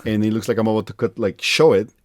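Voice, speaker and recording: A man hosting a podcast, telling animated anecdotes and laughing at himself in casual conversation. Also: lowish voice, fast, dry recording, studio quality. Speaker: podcast host.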